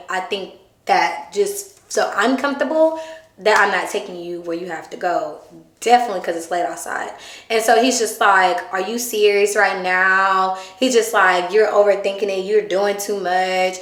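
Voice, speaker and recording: A woman vlogger telling a dating story in casual chat, animated, dropping her voice low to quote her date. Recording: echoey room.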